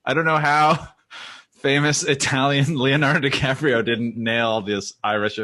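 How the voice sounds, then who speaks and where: Brief: male podcast host, mid-pitched voice, wry and joking. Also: fairly even intonation, unhurried, sharp tone. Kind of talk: casual podcast chat.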